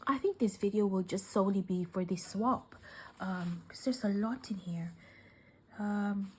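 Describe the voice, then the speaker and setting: Woman, vlogger, slow-talking, gushing, tearful, soft whispers, faint background noise. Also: medium pitch. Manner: gushing, emotional, often breaking into soft whispers; slow, with many fillers and sighs. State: tearful, welling up. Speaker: crafting vlogger. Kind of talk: casual unboxing chat.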